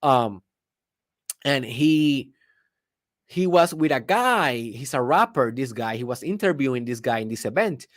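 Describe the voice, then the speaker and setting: A man's voice: mid-range voice, no room sound, clean studio sound. A young man whose first language is Spanish, telling a story in a casual motivational monologue with loose grammar. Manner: animated storytelling with laughter and non-native grammar. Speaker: podcast host.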